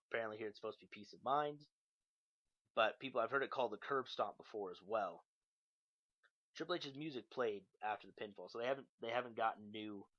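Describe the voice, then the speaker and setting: A young podcast host recaps wrestling shows in a loose, profane way, dropping plenty of ums and uhs. His voice is medium-pitched and a bit bright, recorded on a dull, lo-fi mic.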